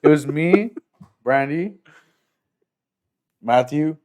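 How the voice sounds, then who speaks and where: A man's voice: on the high side, expressive, extremely slow, darkish tone. A young man hosting a podcast, chatting casually and teasing his guest, swearing freely as he jokes. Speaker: podcast host. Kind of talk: casual chat.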